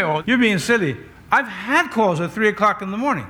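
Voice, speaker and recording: A man's voice: high-pitched, expressive, a little fast, sharp tone, a little hiss or hum. An older man, a pastor, preaching a conversational sermon with wry asides to his congregation.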